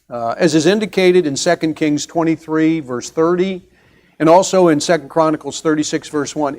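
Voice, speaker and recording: Guy teaching sunday bible class at church, voice a bit on the high side, chatty, asks the class stuff, restarts a lot. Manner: conversational, explains step by step with pauses and restarts.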